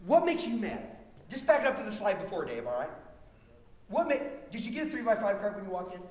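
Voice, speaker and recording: High-voiced pastor in an echoey hall. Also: male voice, fast talker. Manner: self-mocking, animated storyteller. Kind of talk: humorous sermon. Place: large church hall. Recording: echoey church hall, long reverb.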